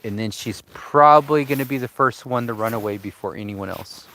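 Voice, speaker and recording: A man's voice: medium pitch, a little fast, bright, forceful tone, slight background noise. A man vlogging outdoors by a campfire at a remote cabin, talking in an easygoing, chatty way to his dog and to viewers. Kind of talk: casual live-stream chat.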